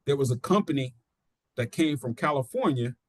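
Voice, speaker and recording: A middle-aged man, a pro wrestler being interviewed, telling his story casually and acting out quotes in an animated way. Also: mid-range voice, normal speed, no echo. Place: studio.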